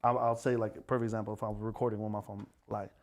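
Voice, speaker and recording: Fast-talking profane American man. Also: on the low side. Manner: fast, profane, animated storyteller. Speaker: podcast guest, club promoter. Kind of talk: casual storytelling chat.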